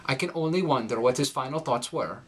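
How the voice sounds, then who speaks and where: Man doing a solemn Scandinavian-accented mourner, grieving, words rising at the ends, mid pitch. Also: fairly quick, slight background noise, close to an everyday voice. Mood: mournful. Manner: slight rising melody at word ends. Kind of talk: demonstration reading of a monologue.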